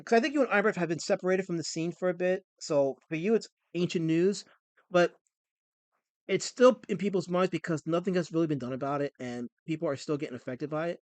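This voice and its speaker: A man's voice: fairly high pitch, a little fast, no room sound. A man hosting a live stream, chatting casually and often stammering and repeating words. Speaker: streamer host.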